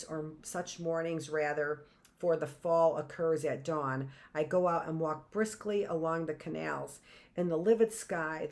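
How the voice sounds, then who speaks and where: Low-voiced woman reading a novel aloud. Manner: measured, expressive literary reading.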